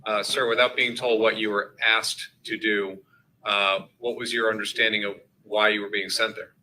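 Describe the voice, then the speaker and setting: A man questioning a witness in court in a measured, formal way. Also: lowish voice, little pitch movement, sharp tone, rough recording. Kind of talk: courtroom examination.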